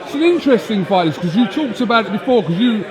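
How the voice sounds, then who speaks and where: Interviewer guy pushing with tough questions, high lively voice, crowd all around. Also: fast talker, rough recording. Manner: probing, challenging. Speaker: boxing interviewer. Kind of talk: casual press interview.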